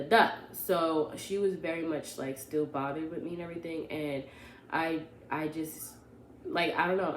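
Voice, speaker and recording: A young woman tells a casual storytime, animated and rambling, stopping to correct herself as she goes. Her voice sits on the low side. The room around her is echoey, with faint ambience behind. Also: a little hiss or hum. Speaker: vlogger.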